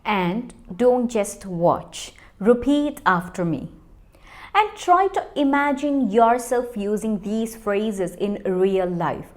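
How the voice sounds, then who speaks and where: A woman's voice: medium pitch, animated, takes it slowly. A woman teaching English, speaking directly and encouragingly to learners in a casual way.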